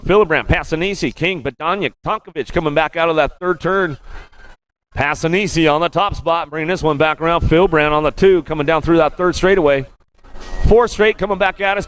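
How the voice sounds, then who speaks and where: Rapid-fire rhythmic male race announcer. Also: sits high, a bit bright, clear, resonant tone. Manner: rapid rhythmic play-by-play, repeating stock phrases. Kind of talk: live race commentary. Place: BMX track announcer booth.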